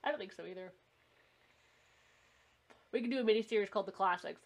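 A woman's voice: mid-range voice, fast talker, gravelly. A woman co-hosting a podcast, chatting casually while they watch a movie, blunt, laughing often and swearing freely. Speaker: podcast co-host.

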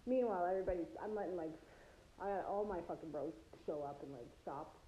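A woman's voice: fairly low pitch, quick pace. A woman telling a rambling story in casual chat, swearing constantly and breaking into laughter often. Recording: roomy with clear background noise.

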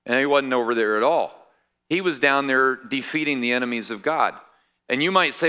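A man's voice: medium pitch, normal speed, bright, forceful tone, clear, resonant tone. A male pastor preaching a sermon in a conversational way, explaining scripture with asides to the congregation.

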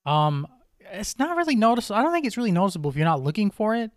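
A man's voice: sits high, sing-song, fast talker, dry recording, clean studio sound. A young man hosting a podcast, casually reviewing wrestling matches, rambling with many ums and restarts. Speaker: podcast host.

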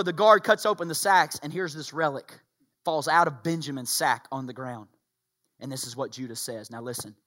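A middle-aged man, preaching a sermon, swinging between quiet storytelling and loud, shouted passages. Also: medium pitch. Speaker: pastor.

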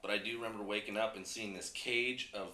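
A man on a casual podcast, relaxed and laughing as he tells a story. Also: fairly low pitch, a little fast. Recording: roomy echoey room.

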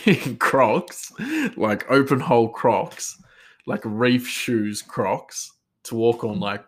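A man, a chef, telling a story in a rambling, casual way and chuckling often. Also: on the low side.

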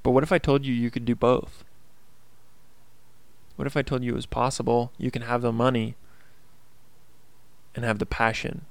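Gravelly, earnest podcast man. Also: mid-range voice, level tone, normal speed, long pauses, no room sound. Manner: earnest, upbeat motivational rambling with fillers. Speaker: podcast host. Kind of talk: casual solo podcast monologue.

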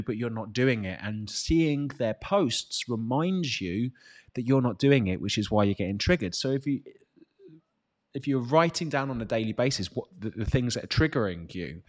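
A British man in his thirties coaching people on fitness and mindset in a loose, chatty way. He talks bluntly and with energy, swearing freely as he makes his points. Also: medium pitch. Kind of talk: casual motivational talk.

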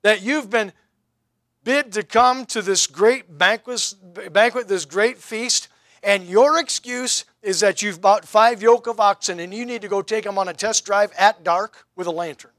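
A man's voice: sits high, unhurried, a bit bright, dry recording, studio quality. A male pastor preaching a sermon, asking wry rhetorical questions and pressing his points with emphasis.

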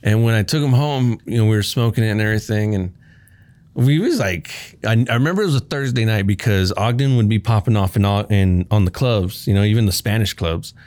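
Casual young guy, low-ish voice, relaxed anecdote telling. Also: fairly quick, no room sound. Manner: laid-back, swears often, laughs while telling. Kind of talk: casual storytelling chat.

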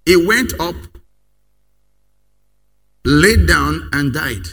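A man preaching a sermon, leading the congregation in call-and-response and rising to loud declarations. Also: a little high, husky.

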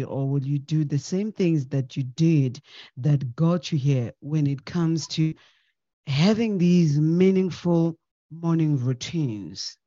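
A woman interviewing a guest on a podcast, asking slow, drawn-out questions. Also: sits low, dark tone, dry recording, dull audio.

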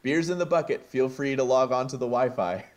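A gentle, chatty rock creature with a mild, high voice, put on by a man reading a script. He talks in an easygoing, low-key way despite the lifted pitch. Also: fairly quick, close to an everyday voice.

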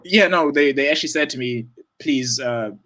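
A man's voice: on the high side, fast talker, bright, forceful tone, rough recording. A man telling a story as a podcast guest, laughing often and swearing casually.

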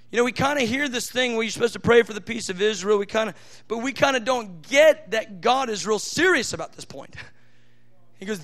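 A man preaching a sermon, teaching from scripture with fervent emphasis, rushing asides and slowing down to stress key phrases. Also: high voice, lively intonation, fairly bright tone.

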